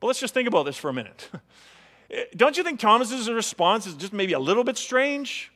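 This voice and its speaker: A man preaching a sermon as a pastor, animated and acting out the voices he quotes. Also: high voice, fairly quick, big-room sound.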